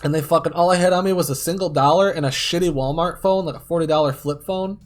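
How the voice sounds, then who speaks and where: A man's voice: a little high, fast talker. Rambling, swearing male streamer. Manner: rambling, heavily profane, many fillers. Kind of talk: casual storytelling while gaming.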